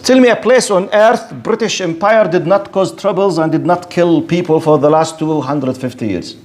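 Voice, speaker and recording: A man lectures in English on religion, his voice sitting a little high for a man. He argues with lively rhetoric, firing questions and answering imagined objectors himself. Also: moderate pace. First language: Arabic. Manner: animated, rhetorical, mock-debates imagined objectors. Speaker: Islamic lecturer.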